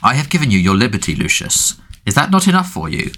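A cold, menacing dark lord, as a male audiobook reader puts him on, speaking in a soft, thoughtful hiss. The voice sits raised and bright, with a lively, swooping delivery. Every quiet word carries threat. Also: mid-range voice, fast talker, voice pushed up. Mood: cold menace. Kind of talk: audiobook character reading.

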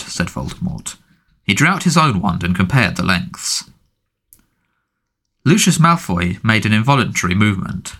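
A man narrating a fantasy audiobook in a measured, dramatic storytelling manner. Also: on the low side, very animated, a bit bright, husky.

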